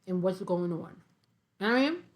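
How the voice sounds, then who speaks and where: A woman's voice: fairly low pitch, brisk. Sassy woman reading comments aloud. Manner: sassy, animated, laughs often. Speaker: host reading viewer comments. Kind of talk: casual commentary.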